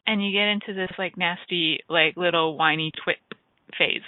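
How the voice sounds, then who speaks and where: A woman's voice: on the low side, steady tone, normal speed. A woman hosts a radio show in loose, enthusiastic talk, wandering off on tangents and catching herself. Her voice comes through a narrow, tinny line that sounds like a phone call. The sound is dry, with no room echo. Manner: rambling, enthusiastic, self-interrupting.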